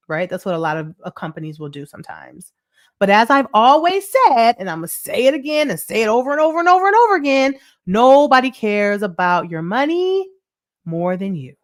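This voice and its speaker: Brisk and very animated, a fairly high-voiced American woman hosts a money show on a casual livestream. She's a chatty storyteller who repeats herself and keeps asking "right?" She reads out viewer comments too.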